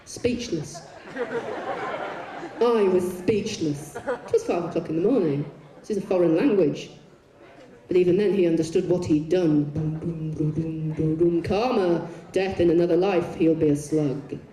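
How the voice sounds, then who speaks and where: A woman's voice: fairly low pitch, normal speed. Bawdy woman on a stage. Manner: bawdy, swearing, deadpan comic asides. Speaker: poet performing on stage. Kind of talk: live stage storytelling. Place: large concert arena on stage. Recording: echoey arena heard from far off.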